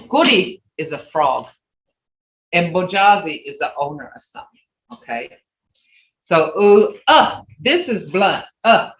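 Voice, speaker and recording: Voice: mid-range voice, fairly bright tone. Patient language teacher on a call. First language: Mvskoke (Creek). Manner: patient, repeats each word slowly, reassuring. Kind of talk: online language class over video call. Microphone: video call. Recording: roomy, distant, dull video-call audio.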